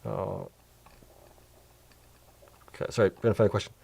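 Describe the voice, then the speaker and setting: A man's voice: on the low side, little pitch movement, moderate pace, creaky, dark tone, slightly rough. A man hosting a casual livestream, tired and yawning, thinking aloud as he rambles through spreadsheets and answers questions. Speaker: host of a crypto mining channel.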